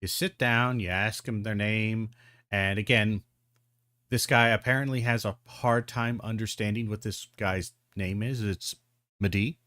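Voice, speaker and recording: Guy rambling thru a video commentary, kinda low voice, lots of ums and restarts, swears now and then, dry close sound. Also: steady tone, a little slow, sharp tone, dry recording. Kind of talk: casual commentary.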